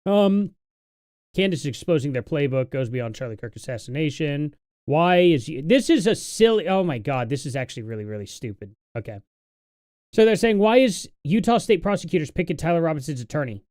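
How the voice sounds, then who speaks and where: A man's voice: a little high, big pitch swings, a little fast, a little mellow, no echo, clean studio sound. A young adult man hosting a casual live stream, talking in a tired, rambling, sarcastic way.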